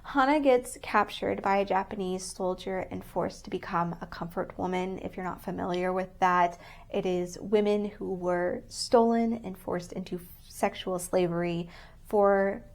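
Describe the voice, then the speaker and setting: Woman, book vlogger, casual review, earnest, emotional, rambling restarts. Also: medium pitch. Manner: openly emotional.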